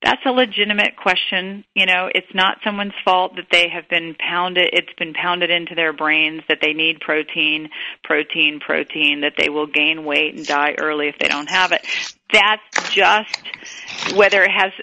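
A woman answering interview questions with eager enthusiasm, often restarting mid-sentence. Her voice is gravelly with a strikingly bright, forceful edge. The recording is close and dry. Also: on the low side, fairly even intonation, a little slow, dry recording, rough recording. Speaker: guest. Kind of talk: casual interview talk.

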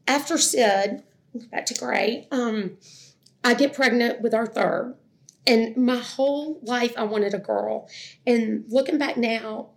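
Chatty woman, higher voice. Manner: chatty, rambling and self-deprecating, full of "like" and restarts. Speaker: speaker sharing a personal testimony. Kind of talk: personal testimony told to an audience.

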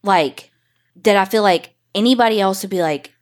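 A young adult woman co-hosting a podcast, chatting casually and reading listener stories, emotional and quick to swear. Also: mid-range voice. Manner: emotional, swears freely, rambling. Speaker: podcast co-host.

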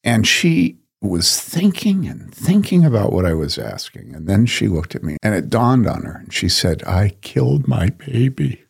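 A man's voice: lowish voice, sing-song, moderate pace, vocal fry, hardly any pauses, husky. A man speaking as a pastor, telling a story from his ministry in an earnest, emphatic way and asking rhetorical questions.

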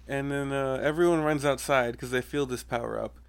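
A man chatting casually as a podcast co-host, recapping a comic chapter, loose and quick to laugh. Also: medium pitch, fairly even intonation, clear, resonant tone, no room sound. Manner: laughs often, loose, full of fillers.

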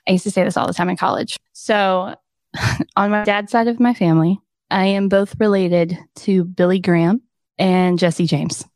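A woman's voice: lowish voice, steady tone, normal speed, a little mellow, no echo, clean studio sound. Bubbly young woman who laughs a lot. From southern United States. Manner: bubbly, laughs often while telling stories. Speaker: guest, coaching company executive. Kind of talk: casual interview chat.

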